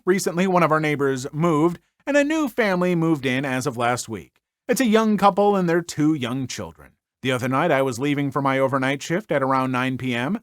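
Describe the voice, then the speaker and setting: Man from northern Minnesota, story podcast host, high voice, dry close mic. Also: no room sound. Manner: animated, jokey asides between readings. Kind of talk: reading online stories with casual commentary.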